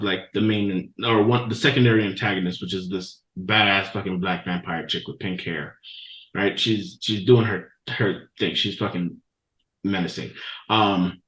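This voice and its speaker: Man, podcast co-host, profane animated storytelling, bright forceful voice, echoey room. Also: on the low side. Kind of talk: casual chat, recapping an anime.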